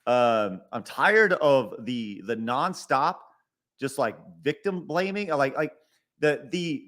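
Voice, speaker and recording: A man's voice: on the high side, bright, forceful tone. A middle-aged man hosting a live stream, reading viewer donations and ranting with exasperation, repeating himself, stumbling over words and swearing. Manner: stutters and restarts often. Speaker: podcast host. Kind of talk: live-stream rant reading super chats.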